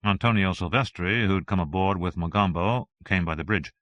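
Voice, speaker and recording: Man, audiobook narrator, low voice, steady even reading, dry close sound. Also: normal speed, dry recording, lo-fi sound.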